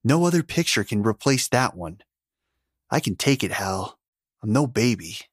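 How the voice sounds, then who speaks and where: A man's voice: fairly low pitch, sing-song, normal speed, no echo, studio quality, voice pushed up. A man reading a story, voicing a grieving, determined young woman who speaks in a tight, strained voice. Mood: strained, defiant.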